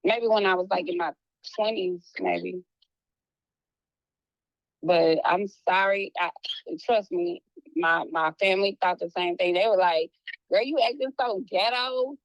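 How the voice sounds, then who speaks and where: A woman speaking as a private investigator in a casual, apologetic conversation, talking in quick bursts with many restarts. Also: on the low side, no room sound, highs cut off. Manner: animated, restarts often, slips into a playful hood voice when quoting.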